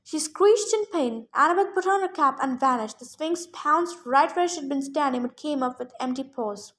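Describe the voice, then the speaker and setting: Woman, high-pitched, reading a novel aloud, first-person narration, steady. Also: moderate pace. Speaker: reader.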